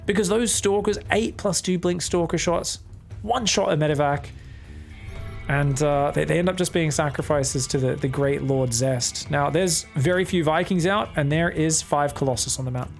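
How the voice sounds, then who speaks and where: An Australian man giving solo commentary on a video game match, excitable and joking, with frequent swearing. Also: on the high side, moderate pace, creaky, faint music behind. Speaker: esports caster.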